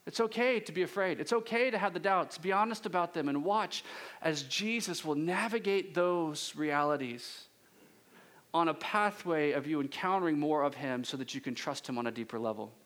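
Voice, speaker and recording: A male pastor preaching a conversational sermon with rhetorical questions and drawn-out pauses. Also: sits high, a bit bright.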